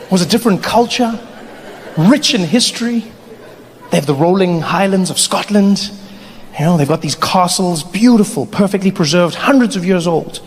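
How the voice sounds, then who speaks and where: A man's voice: high voice, lively intonation, moderate pace. A male stand-up comedian telling wry, conversational stories to a live audience. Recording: live club hall with audience. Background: audience laughter.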